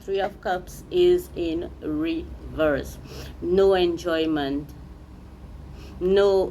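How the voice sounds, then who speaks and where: A woman's voice: fairly low pitch, mellow, a little hiss or hum, poor audio. A woman giving a spiritual tarot reading, speaking straight to the viewer and repeating phrases for emphasis. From Seychelles. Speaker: tarot reader.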